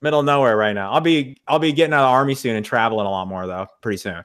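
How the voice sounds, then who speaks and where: A man's voice: medium pitch, very fast, a bit bright, clean tone. A young man talking casually in a podcast conversation, frank and emphatic, with frequent swearing. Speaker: podcast guest. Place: in the US Midwest.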